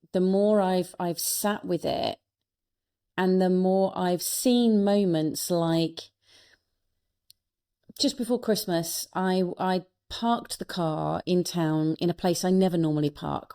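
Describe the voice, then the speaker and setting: A woman's voice: fairly low pitch, mellow. A woman, a speaker and coach, telling personal stories in an earnest, reflective way as an interview guest. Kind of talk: reflective conversational storytelling.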